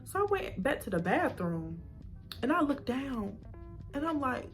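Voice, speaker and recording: A woman's voice: high voice, sing-song, unhurried, faint music behind. A young woman telling a personal story to camera, acting out her past reactions with whispers and gasps. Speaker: vlogger.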